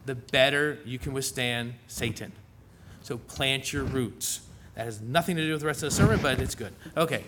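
A man's voice: mid-range voice, fast talker, hardly any pauses, fairly bright tone, slight background noise. A middle-aged man preaching a sermon in a church in a folksy, conversational way, with asides to the congregation.

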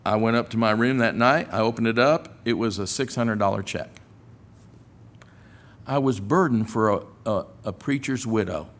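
A man's voice: on the low side, moderate pace. A man preaching a sermon as a storyteller, acting out the dialogue as he tells his story. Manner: animated storyteller who acts out dialogue.

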